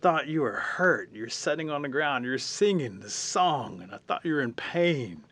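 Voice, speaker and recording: Cocky small bug, played by a male storyteller; brassy, bright, swaggering. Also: medium pitch, expressive, normal speed. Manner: boastful, teasing. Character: cocky little male mud dauber insect.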